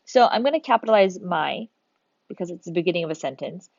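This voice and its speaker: A woman teaching a grammar lesson to the camera, patient and methodical, reasoning aloud through each step. Her voice sits a little low, and the recording is dry and slightly muffled, with a dull lo-fi tone. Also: animated, fast talker, creaky, a little mellow, no room sound.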